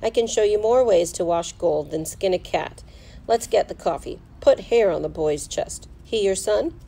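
A woman playing a loud, folksy gold-rush miner. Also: high-pitched, normal speed, creaky, low-quality recording. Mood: gruff folksy. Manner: folksy backwoods drawl, loud and chatty. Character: boisterous bearded gold-rush miner, rough and friendly.

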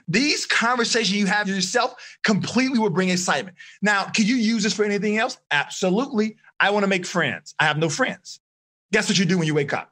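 A man coaching teenagers on a video call, energetic and encouraging, quizzing his listeners as he teaches. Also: sits high, fairly quick. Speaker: life coach. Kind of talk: live online seminar for teens.

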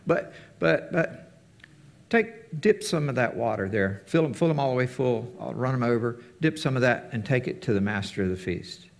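A man teaching a casual sermon to his fellowship, talking conversationally and acting out the quotes he tells. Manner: conversational, acts out quotes with big pitch jumps.

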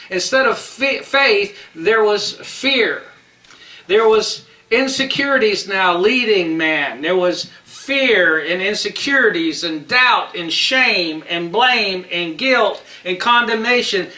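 A man preaching a sermon in a slow, emphatic way, stretching out key phrases. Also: high-pitched, pushed and bright, reverberant, recorded from a distance, poor audio.

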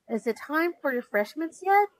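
A woman voicing a hungry, pushy young boy who talks eagerly and loudly. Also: sits high, big pitch swings, normal speed, voice pushed up.

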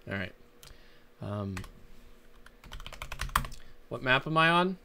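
A man's voice: mid-range voice, lively intonation, takes it slowly, vocal fry, long pauses, pushed and bright, a little hiss or hum. A man streaming a game, chatting casually, rambling and swearing as he plays, with a desk mic. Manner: rambling, profane, joking. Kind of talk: casual live gameplay commentary.

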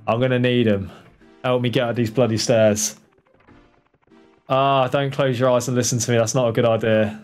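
A man with a medium-pitched voice speaks at a moderate pace, leaving long pauses, as faint music plays behind. He's livestreaming a speedrun, excitedly talking to viewers and the character and cursing when tension rises.

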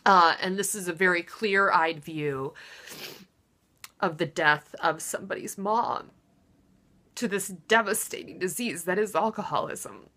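A woman hosts her own comedy show, her voice bright and forward. She rants in a self-mocking monologue, jumping from loud theatrical outbursts to low muttered asides. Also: unhurried. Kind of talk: deadpan self-deprecating comic monologue.

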